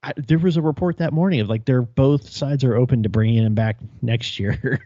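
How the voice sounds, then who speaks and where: A man's voice: mid-range voice, brisk, mellow, no echo, muffled recording. A man co-hosting a podcast, joking in a wry, profane way through casual chat. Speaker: podcast co-host.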